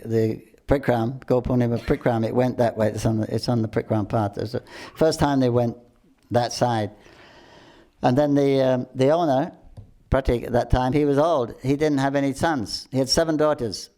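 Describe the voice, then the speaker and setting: An older man casually telling devotional stories, halting often with restarts, throat clearing and chuckles. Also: medium pitch, warm tone. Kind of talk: casual storytelling talk.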